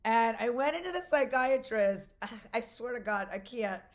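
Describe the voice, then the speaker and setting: A woman's voice: fairly high pitch, normal speed. Brash, profane woman in her forties. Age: 40s. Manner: brash, profane, animated storytelling with acted-out voices. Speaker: comedian guest. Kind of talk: casual podcast chat, storytelling.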